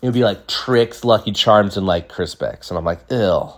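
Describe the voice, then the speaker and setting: A young man from California telling rambling childhood stories on a podcast, jumping into high voices to act out what people said. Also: normal speed. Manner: rambling, acts out quotes in high mimicking voices. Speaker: podcast host. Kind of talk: casual storytelling monologue.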